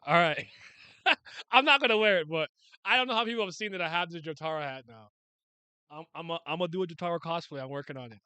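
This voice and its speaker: An animated young man reads a manga aloud and reacts with slangy excitement. He talks in a fairly high voice. The sound is dry and close, with no room echo. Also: fast talker, smooth. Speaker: manga reader and scanlator. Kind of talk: casual manga read-along reaction.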